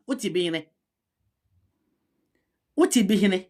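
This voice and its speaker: A woman's voice: high-pitched, very animated, normal speed, fairly bright tone. A woman with a Ghanaian accent giving heated commentary, rebutting a historian and switching between a local language and English. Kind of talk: argumentative commentary.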